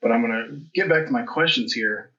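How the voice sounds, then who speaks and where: A man's voice: medium pitch, brisk, sharp tone. A man hosting a podcast, talking candidly and reflectively in a rambling conversational way. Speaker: podcast host. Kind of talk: conversational interview. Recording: dull lo-fi audio.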